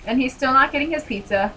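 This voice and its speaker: A woman's voice: sits high, a little fast, noisy background. A young woman casually commenting as she livestreams a video game, chatty and giggly, rambling with lots of "like". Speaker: streamer playing a video game.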